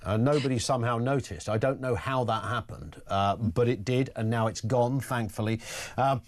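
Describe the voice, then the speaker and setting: A man hosting a talk radio phone-in, blunt and wry, with quick chatty asides. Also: mid-range voice. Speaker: radio talk show host.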